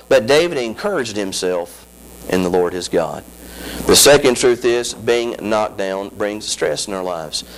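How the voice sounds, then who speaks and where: A male pastor delivering a sermon, repeating phrases in rhythmic runs and building to high, strained climaxes. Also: rough recording.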